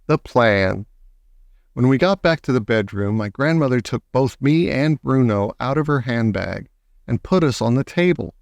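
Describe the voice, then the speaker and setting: A man's voice: mid-range voice, expressive, normal speed, gravelly, dry recording. Man reading a storybook aloud, dry. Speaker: audiobook reader. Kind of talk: scripted narration.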